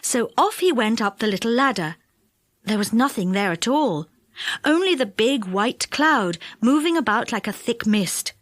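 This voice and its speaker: Lively, expressive woman reading a children's story. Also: on the high side, normal speed, dry recording. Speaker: audiobook narrator. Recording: dry close studio sound.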